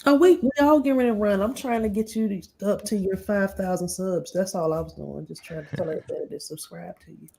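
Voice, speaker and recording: A woman's voice: mid-range voice, quick pace, creaky, few pauses, warm tone, slight background noise. Live-stream host, woman in her forties, upbeat and earnest, casual video-call chat. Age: 40s. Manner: earnest, upbeat, talks in bursts and restarts.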